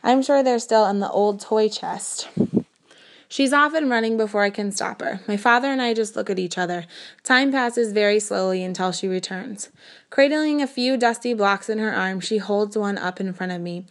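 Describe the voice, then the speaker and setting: A woman reads a first-person novel aloud at a middling pitch. Her storytelling is measured and earnest. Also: fairly bright tone. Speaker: audiobook narrator.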